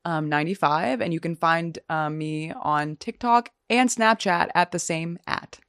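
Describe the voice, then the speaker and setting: A woman's voice: deep voice, fairly bright tone, clean tone, no room sound. A young woman guest on a podcast, chatting casually and agreeably. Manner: agreeable, quick to back up the host.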